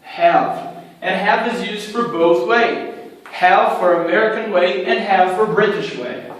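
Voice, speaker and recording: A male teacher walks through a whiteboard grammar lesson, repeating each example slowly. His voice sits high, and it reaches the distant mic with heavy room echo. A faint hum of noise runs underneath. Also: lively intonation, a bit bright. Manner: slow, repetitive, explaining step by step. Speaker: English teacher. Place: room with a writing board.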